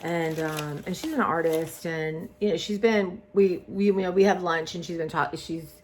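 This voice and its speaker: A woman chats casually to her camera. Her voice sits a little low for a woman. She rambles, trails off and restarts her thoughts often. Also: steady tone, normal speed, a little mellow, slight background noise. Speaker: vlogger. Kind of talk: casual chat.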